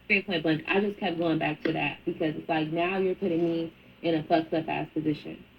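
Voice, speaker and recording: In a played clip, a woman recounts a story storytime-style, blunt and profane, animatedly acting out what people said. Her voice sits low, creaky and fairly quick, and the lo-fi recording sounds dull with faint noise.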